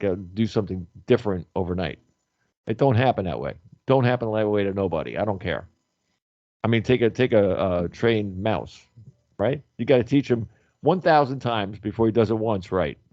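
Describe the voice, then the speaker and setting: A man talking loudly and animatedly on a radio show, telling stories and acting out what others said. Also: fairly low pitch, brisk, no echo, highs cut off. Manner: loud, animated storyteller who acts out quotes. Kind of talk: casual radio chat.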